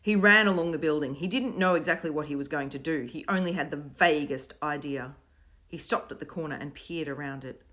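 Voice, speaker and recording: A woman narrating a children's storybook in an expressive, varied way. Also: low-pitched, a little fast. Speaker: audiobook reader.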